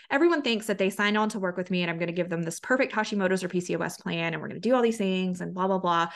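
A woman's voice: lowish voice, vocal fry. A woman hosting a solo podcast as a health coach, talking in an earnest, conversational way with frequent restarts.

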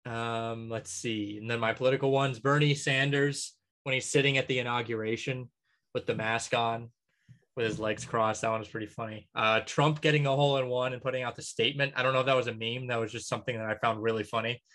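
A man's voice: medium pitch, steady tone, fairly quick, fairly bright tone. A man co-hosting a podcast, casually rambling through a list with frequent ums and light chuckles. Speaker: podcast co-host. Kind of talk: casual chat.

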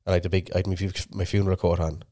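A man's voice: deep voice, little pitch movement, rapid-fire, dark tone, no room sound. A man, co-hosting a podcast and telling a long sweary story in casual chat. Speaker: podcast co-host.

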